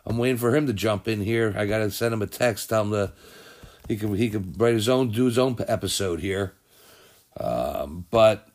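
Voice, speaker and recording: Rambling low-voiced man hosting a sports podcast. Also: moderate pace, darkish tone. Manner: rambling, thinks aloud and corrects himself. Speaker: podcast host. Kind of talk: casual sports podcast talk.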